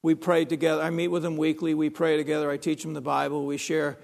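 A man's voice: a little high, completely flat delivery, fast talker, gravelly, darkish tone. A man preaching a sermon, emphatic, repeating phrases and restarting sentences.

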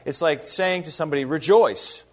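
A man teaching a Bible passage verse by verse in a casual, conversational way, lively, with rhetorical questions and little acted-out asides. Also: fairly high pitch, moderate pace.

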